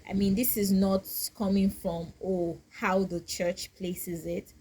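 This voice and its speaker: A woman talking to her viewers as a vlogger, soft-spoken and thoughtful, pausing and restarting as she reflects. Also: mid-range voice, level tone, slightly rough, low-quality recording. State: getting teary and emotional. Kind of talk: casual reflective talk to camera.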